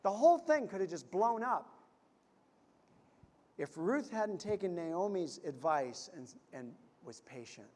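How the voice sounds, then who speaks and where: Man, pastor, sermon, storytelling, animated pitch, church hall reverb. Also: measured pace. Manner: storytelling, swinging from loud to hushed. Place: church sanctuary.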